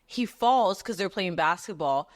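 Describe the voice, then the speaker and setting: A young woman hosting a podcast, telling a story in casual chat, animated, swearing freely and saying "like" constantly. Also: on the low side, measured pace. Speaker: podcast host.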